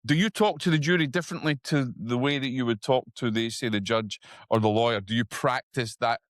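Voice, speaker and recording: A Scottish man hosting an interview, eager and chatty, often restarting sentences and rising in pitch when excited. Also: a little fast, no room sound, clean studio sound. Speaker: host. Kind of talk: casual interview talk.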